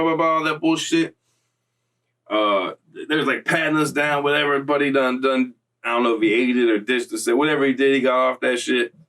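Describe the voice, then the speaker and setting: A young man tells a story casually, in streetwise slang full of profanity and loose asides. His voice sits at a middle pitch. It is picked up from a little away from the mic. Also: a bit bright, distant mic, poor audio.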